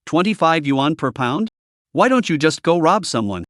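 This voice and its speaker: A hot-tempered, food-loving young man, blunt and quick to anger, read out by a man. His voice jumps high and lively, recorded dry. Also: no room sound. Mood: angry. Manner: blunt and angry.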